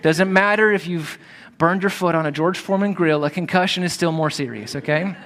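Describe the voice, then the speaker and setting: A man's voice: high voice, brisk, a bit bright, a little hiss or hum. A man preaching a sermon as pastor, in a conversational way with direct asides to his listeners.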